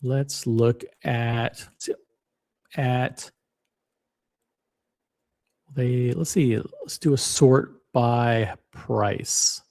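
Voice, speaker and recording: A man hosting his own watch channel gives casual screen-share commentary, reading listings aloud in a wry, musing way as he browses. His voice sits at medium pitch and is slightly mellow, with drawn-out words and long pauses.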